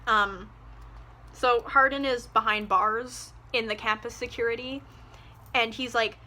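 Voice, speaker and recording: A woman's voice: a little high, steady tone, a little slow, bright, forceful tone. A young woman giving a casual, ranting book review, exasperated and sarcastic, swearing freely.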